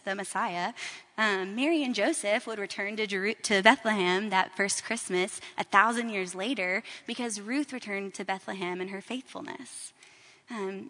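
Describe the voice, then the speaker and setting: A woman's voice: mid-range voice, a bit bright, in a large hall. A woman teaching a Bible story in a casual, conversational storytelling way, with everyday fillers.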